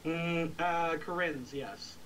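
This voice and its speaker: Chatty man running a relaxed game stream. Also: a little high, slow pace, slight background noise, rough recording. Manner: chatty, thinks aloud, reads chat messages. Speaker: game master. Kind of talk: casual livestream chat.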